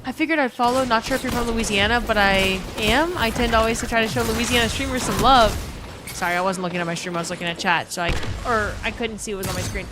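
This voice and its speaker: A woman's voice: on the high side, quick pace, music in the background. A woman from New Orleans streaming a game, chatting casually with viewers, reading chat aloud and swearing freely into a desk mic. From New Orleans, USA.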